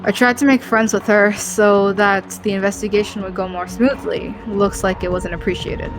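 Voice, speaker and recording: A woman's voice: mid-range voice, fairly even intonation, normal speed, natural voice. Woman voicing a cynical female radical. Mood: wry. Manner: cynical, plainspoken. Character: sharp-tongued female radical speaking out against a baron. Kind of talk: reading a game's dialogue aloud. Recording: game music underneath.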